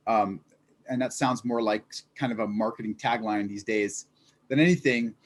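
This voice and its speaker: A man's voice: lowish voice, steady tone, moderate pace. A man speaking as an interview guest, earnest and reflective, leaning on fillers as he explains his ideas. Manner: earnest, reflective, many fillers like "like" and "you know". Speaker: fitness business founder, guest. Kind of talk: casual interview chat.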